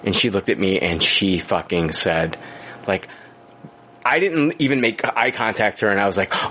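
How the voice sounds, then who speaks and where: A man's voice: lowish voice, moderate pace, slight background noise. A man co-hosting a podcast, telling stories in casual chat with lots of swearing and filler words. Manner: animated storytelling, heavy swearing and filler words. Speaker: podcast co-host.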